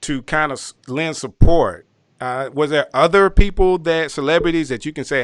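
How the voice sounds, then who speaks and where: A man's voice: fairly high pitch, moderate pace, clear, resonant tone, no room sound. A man hosting a livestream interview, reacting enthusiastically with exclamations. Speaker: host. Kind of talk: casual interview.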